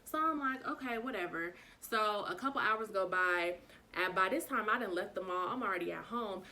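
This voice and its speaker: A young woman telling a storytime vlog, frank and swearing freely, acting out every bit of dialogue with big jumps in pitch. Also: normal speed. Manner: animated retelling, acts out dialogue with pitch jumps.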